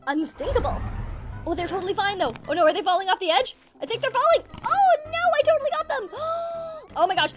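Young woman, high voice, very lively pitch, bubbly gaming commentary, game music behind. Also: moderate pace. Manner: bubbly, squealing, gasps often. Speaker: gaming channel host. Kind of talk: excited gameplay commentary.

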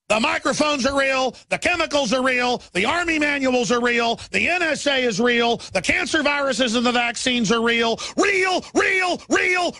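A male talk radio host in a furious political rant, shouting scornful tirades. His voice sits high and gravelly, with a sharp, forceful edge. The sound is dry and close. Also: dry recording. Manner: repetitive hammering delivery.

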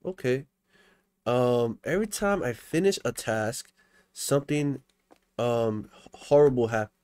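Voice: mid-range voice, measured pace, darkish tone, smooth, no room sound. A young adult commentating live over a game, panicky, often repeating words over and over. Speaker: gameplay commentator.

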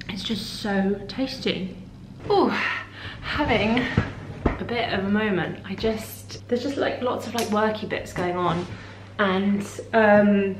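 Girl vlogging, all gushy and effusive, kinda low voice, echoey room. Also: fairly even intonation, moderate pace. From United Kingdom. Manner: gushing, effusive. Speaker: lifestyle vlogger. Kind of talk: casual vlog chat. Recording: roomy with faint hum.

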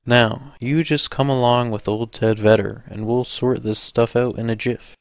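A man's voice: mid-range voice, fairly even intonation, a little slow, creaky, clean tone, no room sound, clean studio sound. Man doing a kindly, fatherly old policeman. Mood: soothing. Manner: soothing, reassuring. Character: kindly fatherly older male police officer.

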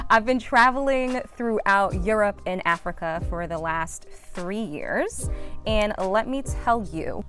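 A woman's voice: medium pitch, fairly bright tone. A young American woman hosting a travel vlog outdoors, chatting to camera in a bubbly, slangy way and laughing often. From United States. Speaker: travel vlogger host. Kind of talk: casual vlog chat to camera. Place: outdoors on a sunny day.

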